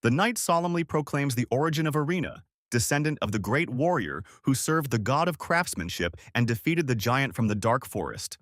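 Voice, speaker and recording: A man reading a scripted story recap in an even, descriptive storytelling delivery on a close mic. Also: medium pitch, a little fast, hardly any pauses, no room sound. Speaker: recap narrator.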